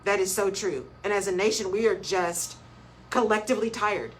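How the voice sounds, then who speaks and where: A woman's voice: mid-range voice, moderate pace, a little hiss or hum, rough recording. A woman hosting a live motivational radio talk show, speaking emphatically and repeating key phrases in a preaching rhythm, greeting listeners by name as she goes.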